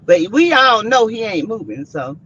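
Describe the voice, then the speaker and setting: Sassy woman with a bright, muffled voice. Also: on the high side, very animated, moderate pace, slightly rough. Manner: opinionated, sassy asides. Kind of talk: casual reality TV gossip chat. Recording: dull, muffled sound.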